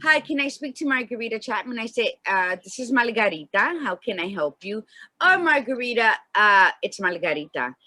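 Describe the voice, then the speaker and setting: A woman's voice: medium pitch, very animated, moderate pace, sharp tone, no room sound. A woman co-hosting a casual chat show, a long-winded, emphatic storyteller. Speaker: podcast co-host.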